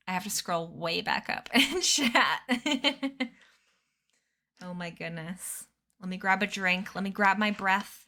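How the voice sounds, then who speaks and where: A woman's voice: mid-range voice, expressive, slow, pushed and bright. A young woman in her twenties chatting casually with her stream chat, bubbly and giggly, sleepy. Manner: bubbly, giggly, reads chat names aloud. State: sleepy, yawning. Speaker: streamer reading a book aloud.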